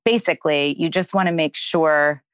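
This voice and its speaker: A woman who is a parenting expert, calmly explaining discipline in a podcast Q&A and modelling kind phrases to say to children. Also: low-pitched, moderate pace, clean tone, dry recording. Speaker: parenting expert answering listener questions. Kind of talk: podcast advice Q&A.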